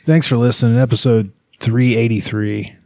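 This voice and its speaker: A man's voice: medium pitch, steady tone, a little fast, a little mellow, no echo, clean studio sound. A man co-hosting a podcast in casual, profane, rambling chat. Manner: laid-back, profane, rambling. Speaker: podcast co-host.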